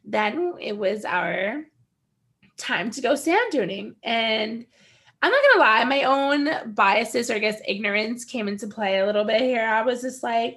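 Speaking unhurriedly in a high-ish voice, a young woman from the United States shares a travel story on a casual podcast she co-hosts. She's animated, laughs often and performs the quotes.

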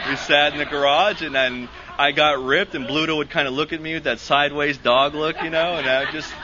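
A man's voice: medium pitch, dull audio, noisy background. A man speaking to a recovery group, telling a rambling personal story with lots of restarts and laughs. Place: meeting hall.

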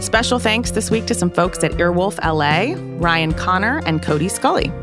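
A woman's voice: fairly low pitch, animated, moderate pace, music in the background. A woman in her thirties guest hosting a podcast, playful and jokey, chatting and reading the credits. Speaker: guest host. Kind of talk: casual chat and scripted outro.

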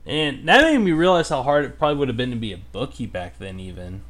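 A man's voice: mid-range voice, expressive, fast, a bit bright. Male co-host, mid-range voice, loose jokey rambler. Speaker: podcast co-host. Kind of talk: casual chat.

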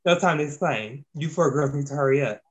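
A man reading the brisk, commanding lines of a mysterious cloaked woman in a homemade fantasy story. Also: fairly high pitch, dull audio, lightly acted. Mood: urgent.

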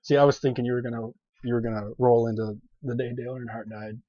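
A man, a podcast guest, telling stories in casual chat, animated, with lots of fillers and laughter in his lines. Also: mid-range voice, fast, crowd noise. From grew up on a farm. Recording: dull lo-fi podcast audio.

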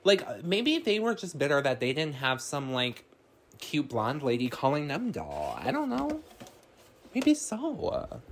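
Brief: relaxed recap host, slow delivery, filler-heavy, foul-mouthed, faint background hiss. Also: medium pitch. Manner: rambling, filler-heavy, swears freely. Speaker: podcast host. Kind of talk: casual film recap.

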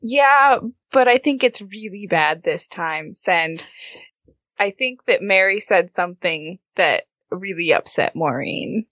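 A woman's voice: mid-range voice, animated, slow, fairly bright tone, no room sound. A woman playing a tabletop game, talking in a playful, blunt way with frequent laughs. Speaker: player. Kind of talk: casual tabletop play.

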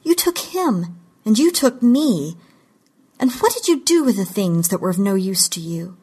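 A woman narrator voicing an angry young woman who accuses her captor in shrill, rising bursts. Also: sing-song, fairly quick, a little mellow, slightly rough. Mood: furious. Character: furious young woman seeking revenge.

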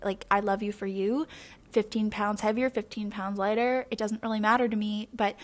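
A woman's voice: mid-range voice, fairly even intonation, normal speed. A young adult woman hosting a podcast, talking candidly and at length about herself in a rambling, confessional way, with plenty of fillers and restarts. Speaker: podcast host. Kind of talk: personal confessional monologue.

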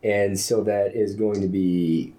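A man's voice: lowish voice, flat delivery, slow, mellow. A man playing in a casual tabletop game, calling out his moves in a playful way. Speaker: player.

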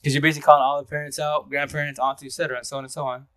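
A man's voice: on the high side, little pitch movement, racing, a bit bright, no room sound. A man from Eastern Washington chatting casually on a livestream, rambling in slang, laughing often and greeting viewers by name. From Eastern Washington, USA. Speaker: livestream host.

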